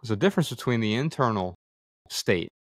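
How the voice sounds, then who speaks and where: A podcast guest with a lowish, expressive voice talks thoughtfully in a reflective conversation, speaking fairly quickly and explaining ideas through examples, occasionally restarting a word. The sound is clean studio audio with no echo.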